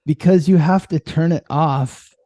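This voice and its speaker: A man's voice: fairly high pitch, unhurried, mellow, dry recording, clean studio sound. A man hosting a podcast, teasing and curious, asking his co-host lots of questions. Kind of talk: casual podcast chat.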